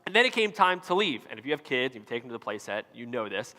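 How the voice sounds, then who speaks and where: A man's voice: medium pitch, big pitch swings, fast talker, bright, forceful tone. A man in his thirties, a pastor, telling a self-mocking family story in a conversational sermon to a large church room. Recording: long hall reverb.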